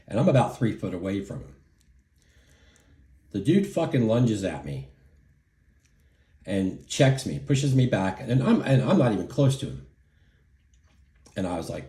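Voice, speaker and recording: A middle-aged vlogger rambles through an indignant, profanity-laced story full of fillers, his words bouncing around an echoey room. He speaks unhurriedly in a lowish, dark, sing-song voice and pauses often.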